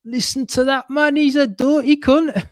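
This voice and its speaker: Man doing a leering, foul-mouthed Geordie cartoon lout: shrill, loud, Geordie accent. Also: fairly even intonation, normal speed, dry recording, clean studio sound. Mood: jeering. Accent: Geordie put-on. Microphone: video call.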